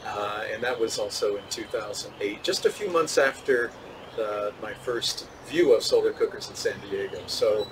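A man, a physicist, answering interview questions in a measured, thoughtful way, with small laughs and restarts. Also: fairly low pitch, recorded from a distance, background noise. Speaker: physicist and solar cooker tester, interview guest.

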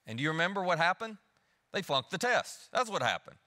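A male pastor preaching in a lively, conversational way, his pitch swinging widely as he asks the room questions. His voice is bright and forward. A long reverb from the church hall follows each phrase. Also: brisk. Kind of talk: sermon. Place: church auditorium.

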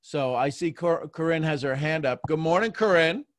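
A man hosting a live show, talking calmly and casually. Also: a little high, normal speed, no room sound. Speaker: host.

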